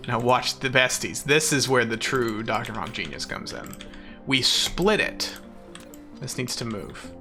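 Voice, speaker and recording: Gravelly, lively male game streamer. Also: mid-range voice, a little slow, faint music behind. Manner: playful, mock-boastful, laughs often. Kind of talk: casual live-stream commentary while playing.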